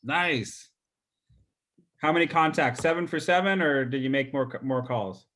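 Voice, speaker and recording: A man's voice: mid-range voice, a little slow, a bit bright. Male sales coach, casual call voice, chatty with restarts and fillers. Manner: loose and chatty, with many fillers and repeated words. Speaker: real estate sales coach.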